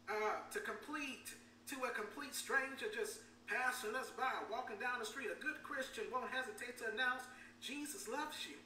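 Bright-voiced woman preaching in a church. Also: on the high side, moderate pace, few pauses. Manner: repeats words, calls for amens. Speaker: pastor. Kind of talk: sermon. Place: church sanctuary. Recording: echoey room, distant mic, faint hum.

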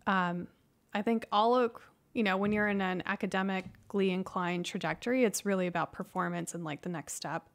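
A woman in her thirties who answers livestream chat questions in a casual, soft-spoken way, hesitating and restarting often. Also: mid-range voice, steady tone, brisk.

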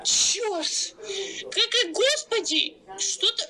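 A woman reacting to a horror game, squealing, shouting and laughing nervously as things jump out at her. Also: very high voice, lively intonation, slow pace, very noisy. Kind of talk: screaming game reaction commentary.

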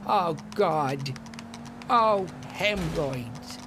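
A man's voice: fairly high pitch, lively intonation, noisy background, voice pushed up, full character voice. A man voicing a whiny male hacker friend who groans and drags out his words. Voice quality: drawn-out whining groans.

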